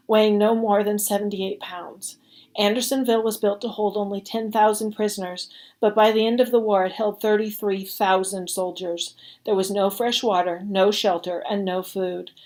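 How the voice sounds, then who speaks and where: A woman reading a story aloud at a service, with an expressive, measured storytelling manner. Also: mid-range voice. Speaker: reader.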